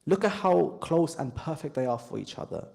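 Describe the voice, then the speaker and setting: A man narrating a slow, grieving story as a sermon speaker in a mosque, with heavy pauses. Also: a little high, lively intonation, creaky, a little mellow. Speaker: majlis speaker.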